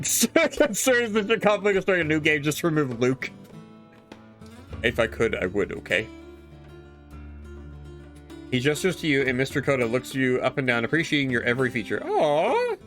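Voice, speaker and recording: A man's voice: on the high side, sing-song, normal speed, pauses often, a bit bright, faint music behind. A man streaming himself reading a visual novel aloud, chatty, swearing casually and reacting to the story.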